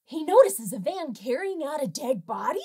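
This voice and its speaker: A woman's voice: sits high, big pitch swings, normal speed, mellow. A woman hosting a comedic film review, narrating with sarcastic, jokey asides. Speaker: film reviewer and show host.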